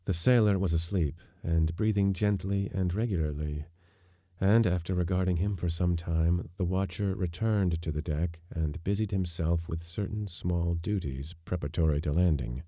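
A man reading a short story aloud as a podcast narrator, with measured, even storytelling. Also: low voice, no room sound, clean studio sound. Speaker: audiobook narrator. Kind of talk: scripted narration.

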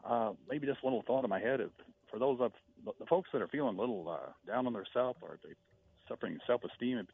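A man calling in to a radio show, friendly and rambling with pauses. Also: medium pitch, gravelly, breathy edge. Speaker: caller. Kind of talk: phone-in chat. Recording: tinny phone line.

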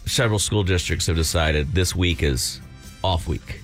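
A man with a very low, deep voice trades casual banter as a radio co-host. His teasing is dry and wry. A faint music bed sits behind him. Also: moderate pace.

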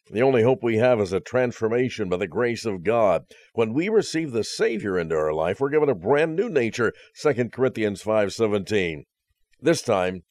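A man's voice: medium pitch, darkish tone, dry recording. A man preaching a conversational sermon, earnest and direct, with dry jokes at the close. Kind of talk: radio sermon.

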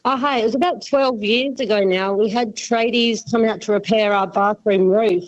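A woman's voice: mid-range voice, steady tone, normal speed. A woman calling in to a radio show, telling a story plainly. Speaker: caller. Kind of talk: phone-in story. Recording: phone line.

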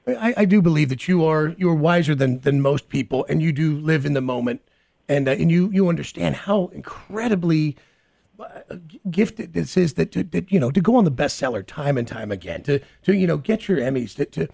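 A man hosts the chat in an earnest tone and keeps stammering through restarts. His voice is raspy and gravelly, and his pitch moves a lot. He grew up in the American Midwest. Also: expressive, fairly quick, dark tone. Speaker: host. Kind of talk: casual chat.

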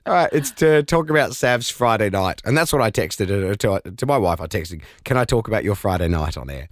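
Animated man laughing through a story. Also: lowish voice, brisk, dry recording, clean studio sound. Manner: animated, laughing often while telling a story. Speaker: radio host. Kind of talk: casual storytelling chat. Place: radio studio.

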